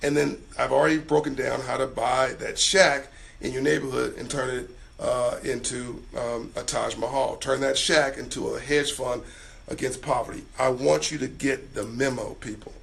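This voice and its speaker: A man hosting a live stream, hoarse and tired, giving motivational advice and reading out viewer comments in a casual way. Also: mid-range voice, a bit bright. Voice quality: raspy. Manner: motivational, urges viewers to act.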